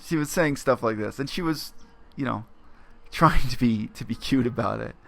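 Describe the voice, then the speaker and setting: Man, vlogger, gravelly creaky voice, reflective, explanatory, pauses and fillers. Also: medium pitch. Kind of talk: casual spoken monologue.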